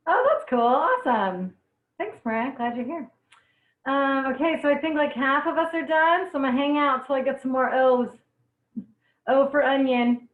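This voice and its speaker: Onions leave a young woman teary-eyed as she leads a live online cooking class, chatting and laughing with frequent exclamations. Her voice sits high and sounds expressive, at a moderate pace. It's recorded with an echoey, distant, phone-like sound.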